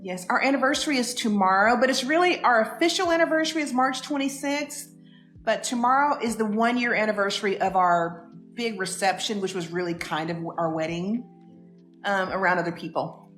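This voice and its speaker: A woman's voice: mid-range voice, fairly quick, fairly bright tone, reverberant, faint music behind. A woman co-hosting a casual live stream from a home kitchen, chatting and reading out viewers' comments. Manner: chatty, laughing, greets viewers.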